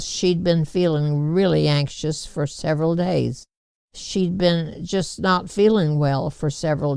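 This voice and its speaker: A woman narrating a storybook chapter in a measured, unhurried way. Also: low voice, gravelly, dark tone, clean tone, no room sound. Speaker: audiobook reader.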